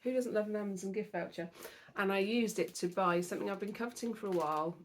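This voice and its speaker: A woman's voice: medium pitch, fast talker, slight background noise. A tired young British woman vlogging about her cross-stitch, chatty and self-deprecating. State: tired, yawning. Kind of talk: casual chat to camera.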